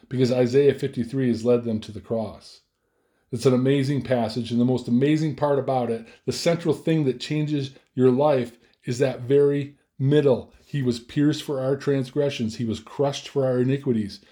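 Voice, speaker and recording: A man's voice: medium pitch, warm tone. A man preaching a sermon as pastor, earnest and emphatic, often repeating himself for stress.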